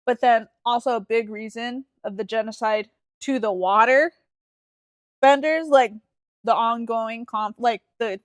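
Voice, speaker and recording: A woman's voice: a little high, unhurried, dry recording, clean studio sound. A woman co-hosting a casual podcast chat, talking through ideas with lots of fillers. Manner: chatty, hesitant, filler-heavy. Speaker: podcast co-host.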